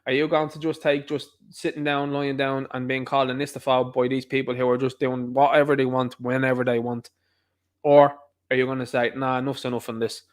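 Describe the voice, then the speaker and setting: A man with an Irish accent delivering an opinionated monologue, emphatic and repetitive, firing off rhetorical questions. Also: mid-range voice. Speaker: online commentator.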